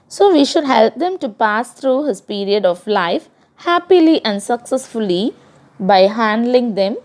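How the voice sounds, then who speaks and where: A woman's voice: mid-range voice, a little mellow. A woman teacher with an Indian English accent, reading a poem aloud to a class and explaining it line by line, defining the words. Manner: reads verses then paraphrases and defines words.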